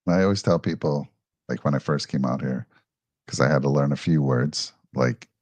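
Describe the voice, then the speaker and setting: A man's voice: rumbling low, normal speed, darkish tone, husky, no echo. A man hosting a casual sports chat, upbeat as he leads the show and reads out viewer questions. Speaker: host.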